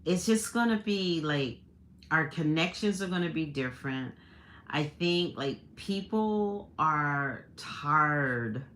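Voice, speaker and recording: Woman, middle-aged, livestream host, very deep voice, slow, chatty, laughing, many restarts. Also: lively intonation, fairly bright tone, a little hiss or hum. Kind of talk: casual storytelling to a live audience.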